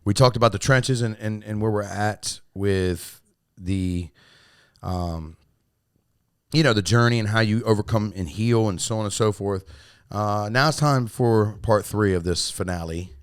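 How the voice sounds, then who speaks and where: A man with a low voice hosts a casual podcast. He talks loosely and swears, restarts his sentences often, and now and then bursts out louder when he gets worked up. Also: a little slow, clear, resonant tone, no room sound, clean studio sound. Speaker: podcast host and coach.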